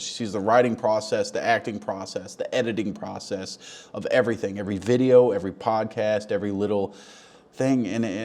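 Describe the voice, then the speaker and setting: A man's voice: on the low side, a little mellow. A young man delivering a crude, mock-earnest comedic monologue, rambling and swearing as he talks to the camera. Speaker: comedy vlogger.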